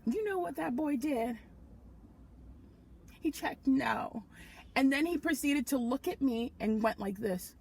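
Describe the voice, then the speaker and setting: Woman, about thirty, American accent; high, swooping, animated comic storyteller. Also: a little slow, gravelly, long pauses, husky. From Nigeria. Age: around 30. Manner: animated storytelling, self-mocking, bursts of loud laughter. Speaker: podcast co-host. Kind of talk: comedic casual chat.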